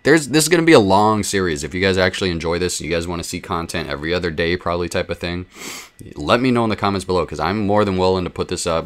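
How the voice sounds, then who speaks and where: A man running a gaming channel, chatting casually to his viewers in a rambling, self-deprecating way with frequent ums. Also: deep voice.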